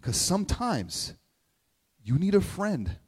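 High-pitched and sing-song, with a darkish, slightly rough tone, a pastor preaches slowly in a long-reverb hall. His conversational sermon turns emotional, sometimes close to tears, and he repeatedly asks "right?"

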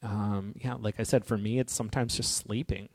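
A man giving a reflective, personal talk in an earnest, gently encouraging way. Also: on the low side, fairly even intonation, moderate pace, slightly rough. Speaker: speaker on grief and healing. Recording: long hall reverb.

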